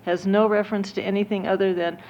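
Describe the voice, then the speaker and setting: A woman school board member explaining a point in a public meeting, earnest and measured. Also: mid-range voice, flat delivery, darkish tone, a little hiss or hum. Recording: dull lo-fi meeting audio.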